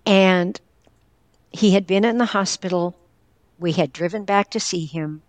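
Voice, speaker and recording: A woman's voice: fairly low pitch, a little slow, no room sound. An older woman from northwestern Pennsylvania, a caregiver and former teacher, tells a personal story as an interview guest and speaks with earnest candor. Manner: earnest, candid, tells a personal story and quotes others directly.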